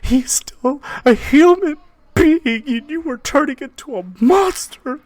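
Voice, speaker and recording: A man voicing a desperate, pleading mother in a tabletop game, in a high, strained falsetto. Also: lively intonation, slow, darkish tone, no room sound, heavily acted. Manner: shrill and pleading.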